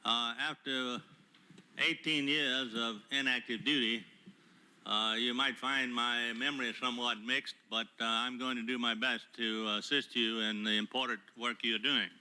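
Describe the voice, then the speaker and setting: An older retired admiral testifies at a hearing from prepared remarks, measured and formal, pausing hesitantly now and then as he speaks into a table mic in the hearing room. His medium-pitched voice has fairly even intonation and sounds pushed and bright, clear and resonant.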